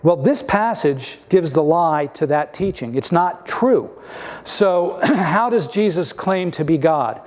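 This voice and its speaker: A man's voice: on the high side, expressive, takes it slowly, a little mellow. Man preaching with emphatic rhetorical questions. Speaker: pastor. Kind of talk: sermon.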